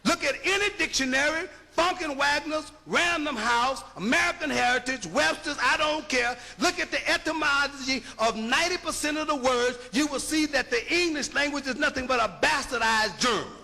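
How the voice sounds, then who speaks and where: A man's voice: extremely high pitch, moderate pace, creaky, few pauses, pushed and bright. A man giving an emphatic, rhetorical lecture, punching his points and checking that listeners follow. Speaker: linguistics lecturer. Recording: long hall reverb.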